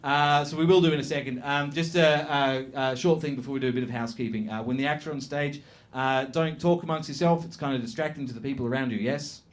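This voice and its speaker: A man's voice: medium pitch, fast talker, few pauses. A man hosting a stand-up comedy night, bantering and swearing with the audience. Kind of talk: stand-up crowd work. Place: comedy club stage. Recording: live club with crowd laughter. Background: laughing audience.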